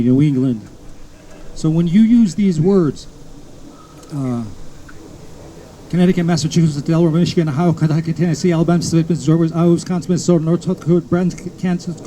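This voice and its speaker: A man's voice: on the high side, mellow, a little hiss or hum, rough recording. A man from the United States giving a lecture to an audience at an outdoor history event, telling stories and listing names one by one with small asides. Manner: storytelling, lists names slowly, with asides. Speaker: guest speaker at a history event.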